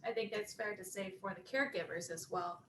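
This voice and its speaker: A woman's voice: medium pitch, fairly quick, a bit bright, a little hiss or hum. A woman moderating a webinar, reading out audience questions. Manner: reads out audience questions plainly.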